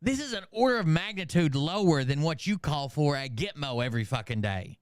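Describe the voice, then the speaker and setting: A man's voice: fairly high pitch, animated, a little fast, no echo, studio quality. A man hosting a casual commentary show, reading comments aloud and mocking them with sarcastic, profane asides.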